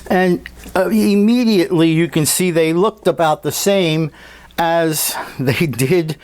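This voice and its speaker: A man talking casually about his scale model at a home workbench, unhurried and thinking aloud with fillers and restarts. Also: a little high, darkish tone, clean tone. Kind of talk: casual hobby workshop walkthrough.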